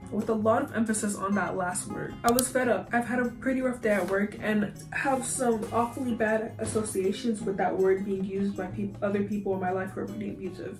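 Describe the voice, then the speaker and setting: Slangy young woman in an echoey room. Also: mid-range voice. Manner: slangy, laughs often, animated reactions. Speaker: YouTuber. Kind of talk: reading online posts aloud with reactions. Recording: roomy echo, faint music.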